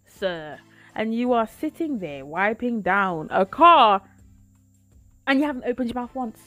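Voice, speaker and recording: A woman's voice: a little high, lively intonation, unhurried, sharp tone, no room sound. Dramatic woman telling a story. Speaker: vlogger. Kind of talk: storytime vlog.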